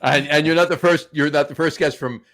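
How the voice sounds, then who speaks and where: A man's voice: a little high, fairly even intonation, fairly quick, fairly bright tone. A man co-hosting a casual podcast, teasing his guest and repeating words as he gathers his thoughts. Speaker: podcast co-host.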